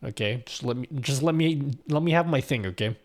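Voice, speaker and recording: Here a young streamer talks with his audience at a brisk clip in a mid-range voice, reading out their comments. He's relaxed and foul-mouthed, wandering off track, starting over, and laughing as he goes.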